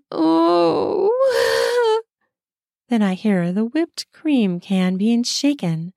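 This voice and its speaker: In a brisk, intimate first-person telling, a woman narrates an audio story in a mellow, darker voice of medium pitch. The mic is close and dry, and there's no room sound.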